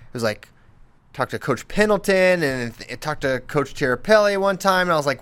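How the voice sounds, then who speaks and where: A man's voice: medium pitch, very animated, a little fast, fairly bright tone. A man hosting a casual podcast, reading listener questions and teasing his co-host with frequent laughs. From Southern US.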